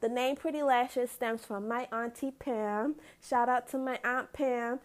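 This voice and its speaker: A woman in her thirties talking casually on her own podcast, chatty and quick to give shout-outs and laugh. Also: on the high side, fairly even intonation. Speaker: lash business owner and podcast host. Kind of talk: casual solo podcast talk.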